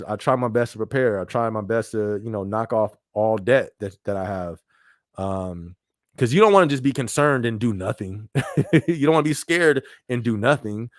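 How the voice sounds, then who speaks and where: On a casual live-stream podcast, the male host talks loosely in a medium-pitched voice, repeating phrases and checking in again and again with "you know what I mean." The audio is clean studio sound with no echo.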